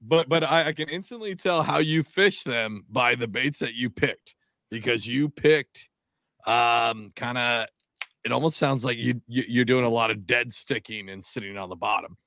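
A man's voice: mid-range voice, moderate pace, pushed and bright, dry recording, studio quality. A man co-hosting a podcast in casual chat, teasing and joking with the others. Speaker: podcast co-host.

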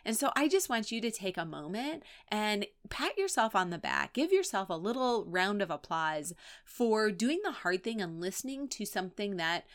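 A woman's voice: medium pitch, a bit bright. A woman in her thirties hosting a solo podcast, talking in a chatty, encouraging way with many fillers. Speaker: podcast host and business coach. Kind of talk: heartfelt solo podcast talk.

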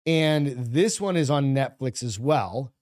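A man's voice: medium pitch, lively intonation, unhurried, darkish tone, no room sound. Male podcast co-host, casual profane banter, middle-aged, dry close mic. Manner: loose, profane banter, reads news items aloud. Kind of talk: casual chat.

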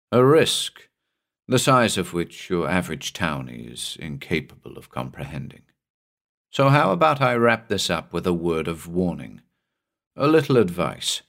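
Man, very low voice, scripted horror narration, measured and dramatic. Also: fairly bright tone. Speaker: narrator and host.

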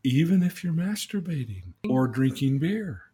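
Over crowd noise, a very animated man with a medium-pitched voice recounts his life as a guest at a measured pace. He's earnest and casual, circling back on points and asking leading questions.

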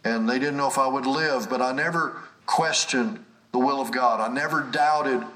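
Fervent male preacher, bright and emphatic. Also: mid-range voice, moderate pace, distant mic, rough recording. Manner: fervent, emphatic, repeats phrases for stress. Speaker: preacher teaching a healing class. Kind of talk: sermon. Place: away from his usual setting, near an airport.

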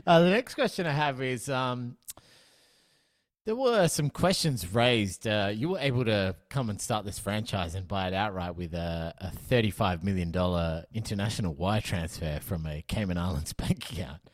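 A man's voice: on the low side, moderate pace, no echo, clean studio sound, natural voice. A man putting on a brash American-accented reporter. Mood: needling. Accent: put-on American. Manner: grilling, mock-formal questions. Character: brash male press-conference journalist.

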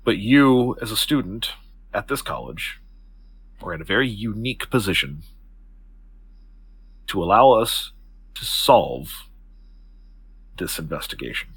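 A man voicing a poised older woman, low and calm. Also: husky, heavily acted. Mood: composed, persuasive. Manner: calm, measured, persuasive. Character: poised, composed older woman leading a secret order.

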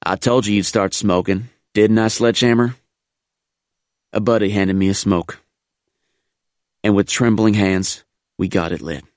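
A man narrating a first-person wartime memoir in a measured, sober, reflective way. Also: fairly low pitch, a little mellow, no echo, clean studio sound.

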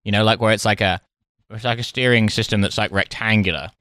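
A man's voice: lowish voice, fairly even intonation, fast talker, bright, forceful tone, no room sound, clean studio sound. A man in casual podcast chat, joking and swearing with friends. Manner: sweary, jokey, trails off into asides.

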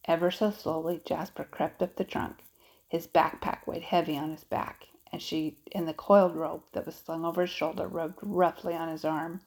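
A woman narrating a children's audiobook in a steady, expressive storytelling manner. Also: deep voice, moderate pace, rough recording.

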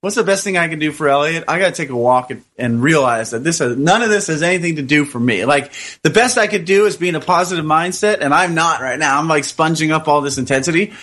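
Male co-host, high and bright voice, animated storyteller who acts out quotes. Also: quick pace, hardly any pauses. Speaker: podcast co-host. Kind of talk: casual storytelling chat.

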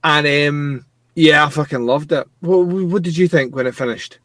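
A man co-hosting a casual TV review podcast, excitable and swearing freely. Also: a little high, normal speed, dry recording. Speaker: podcast co-host.

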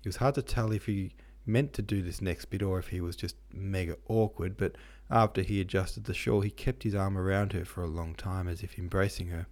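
A man with a low voice retells a classic novel in loose, profane slang. His narration is irreverent and casual throughout. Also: steady tone, fairly quick, hardly any pauses, darkish tone.

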